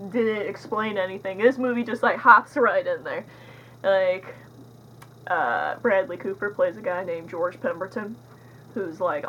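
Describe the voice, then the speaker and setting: A woman's voice: mid-range voice, highs cut off, a little hiss or hum. A young woman casually reviewing a movie, rambling and sarcastic, with lots of filler words.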